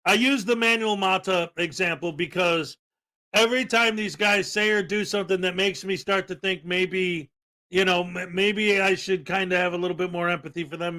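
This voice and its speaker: A man's voice: high-pitched, pushed and bright. A man hosting a podcast, telling a rambling story in casual commentary and acting out what others said. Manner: rambling storyteller, laughs, acts out quotes. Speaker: podcast host.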